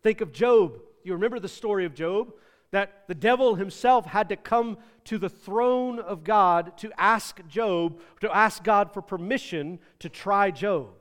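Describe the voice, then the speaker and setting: A man's voice: sits high, measured pace. Emphatic man preaching in an echoing hall. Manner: emphatic, swings between loud and soft. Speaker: pastor. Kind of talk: sermon. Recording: reverberant hall.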